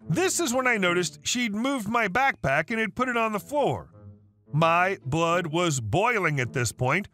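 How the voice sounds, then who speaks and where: A male synthetic-sounding voice reading online stories aloud in an even manner, speaking the dialogue tags out loud. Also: high voice, unhurried, faint music behind. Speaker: story narrator.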